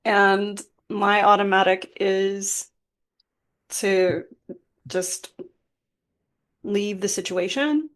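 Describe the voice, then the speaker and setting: A woman co-hosting a podcast in casual chat, speaking calmly and frankly. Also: mid-range voice, very slow, pauses often. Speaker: podcast co-host.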